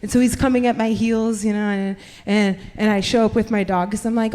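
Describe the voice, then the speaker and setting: A woman performing a stand-up comedy set, telling brash, profane stories and shouting her punchlines. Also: medium pitch, fairly even intonation, fairly quick, hardly any pauses. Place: comedy club stage in front of a live audience. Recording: live club recording with reverb and crowd noise. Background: audience laughter.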